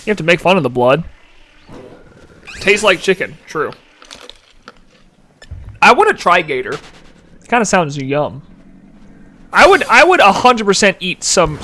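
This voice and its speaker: A man's voice: sits high, sharp tone. A man in his twenties streaming a game live, chatting casually, giggling and answering chat aloud. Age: 20s. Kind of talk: casual gameplay commentary.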